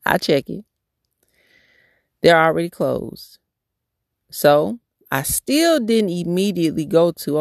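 Woman host, devotional testimony, earnest and candid, gravelly voice, dry close sound. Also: low voice, animated, slow pace, pauses often, no room sound. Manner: candid, earnest storytelling with restarts. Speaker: podcast host.

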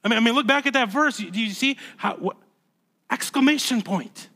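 A man preaching a sermon as pastor, conversational and emphatic, dropping to a hush and then rising loud, often repeating words. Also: extremely high pitch, animated, normal speed, husky. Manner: emphatic, swings from hushed to loud.

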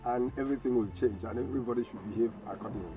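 Emphatic professor, distant on air. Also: male voice, mid-range voice, racing. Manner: emphatic and preachy, repeats phrases. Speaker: professor and studio guest. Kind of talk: radio talk show commentary. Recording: distant mic with faint music.

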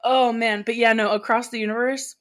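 A woman's voice: a little high, fairly even intonation, brisk. A young adult woman co-hosting a podcast in casual chat, talkative and emotional, laughing easily. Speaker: podcast co-host.

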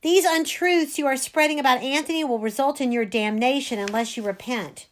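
A woman's voice: high-pitched, brisk, natural voice. Stern older priest who lectures a child, read by a woman.

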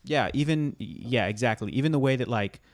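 A man's voice: mid-range voice, expressive, a little fast, no echo, clean studio sound. A young man hosting a film podcast in a casual chat, rambling and laughing as he talks. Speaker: podcast host.

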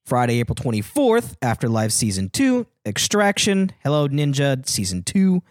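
A man hosts a casual podcast and reads through a list, rambling with plenty of "uh" fillers and restarts. His intonation swings up and down in a lively way. The recording is dry and close. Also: medium pitch, normal speed, no room sound. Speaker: podcast host. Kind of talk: casual chat, reading out listings.

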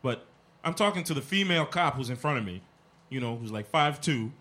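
Man, casual storytelling, animated, acts out dialogue. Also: mid-range voice, brisk.

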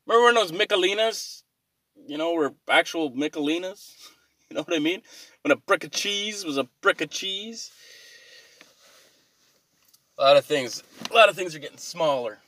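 A man's voice: on the high side, lively intonation, normal speed, long pauses, bright, forceful tone. A man rambling through an exasperated, profane comic rant to his viewers, swearing freely as he complains. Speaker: vlogger.

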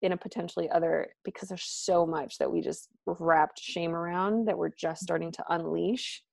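A woman talking casually as a podcast guest, animated and full of "like" and "um", acting out what her friends said. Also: normal speed, gravelly, no room sound, clean studio sound. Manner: animated, acts out quoted friends with pitch jumps; filler-heavy, frequent "like" and "um". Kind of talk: casual conversation.

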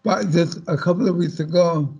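A man speaking as a panel guest, talking slowly and haltingly with many restarts. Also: sits high, darkish tone, husky, poor audio. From Caribbean heritage. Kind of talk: panel discussion.

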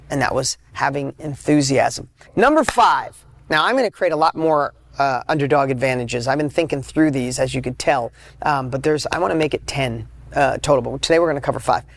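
A man hosting a motivational podcast, talking casually and emphatically, with sudden loud high peaks between quieter asides. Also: dry recording. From United States. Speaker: podcast host. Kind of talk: motivational talk.

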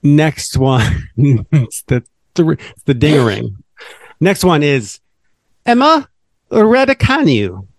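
A man's voice: mid-range voice, takes it slowly, gravelly, darkish tone, dry recording, studio quality. A man co-hosting a casual podcast chat, playfully teasing his partner like a quiz-master. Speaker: podcast co-host.

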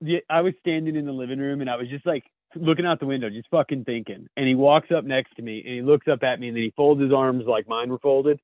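A man's voice: mid-range voice, quick pace, few pauses, no room sound, narrow, tinny audio. A man co-hosting a podcast, telling blunt, profane stories in casual chat. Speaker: podcast co-host.

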